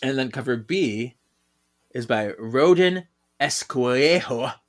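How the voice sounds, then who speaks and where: A man's voice: mid-range voice, lively intonation, slow pace. A man co-hosting a podcast in casual chat, chatty and laughing often as he talks. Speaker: podcast co-host.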